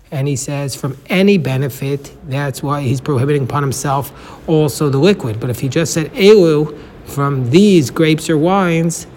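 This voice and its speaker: A man's voice: mid-range voice, a little hiss or hum. A man giving a daily Talmud lesson, explaining step by step and weaving Hebrew and Aramaic terms into his English. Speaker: Talmud teacher. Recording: long hall reverb.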